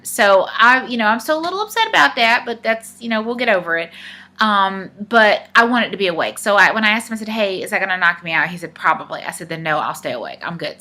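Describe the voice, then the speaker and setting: A woman's voice: mid-range voice, sharp tone. A young woman vlogger casually telling a personal story to her camera, retelling conversations with lots of "I said" and "he's like". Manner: chatty, retells dialogue with many "I said", "he's like".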